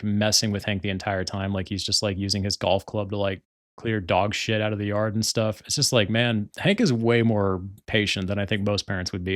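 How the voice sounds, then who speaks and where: A young man hosts a solo podcast in a somewhat low voice, recorded cleanly in a studio with no echo. He chats casually and rambles, packing his talk with filler words and laughing often.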